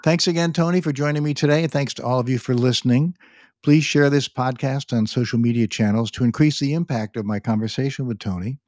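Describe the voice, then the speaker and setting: Man, podcast host, mellow voice, dry close mic, friendly, brisk. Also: mid-range voice, no echo.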